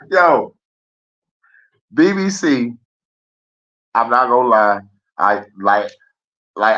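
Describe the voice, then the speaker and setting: A man's voice: fairly low pitch, pushed and bright. A man hosting a live stream, rambling in a casual, profane monologue and laughing often. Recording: dull lo-fi stream audio.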